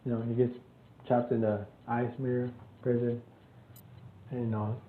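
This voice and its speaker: A man's voice: mid-range voice, little pitch movement, measured pace, a little hiss or hum. A man casually retelling a story, rambling with many fillers and restarts. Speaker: channel host. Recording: tinny echoey phone-like audio.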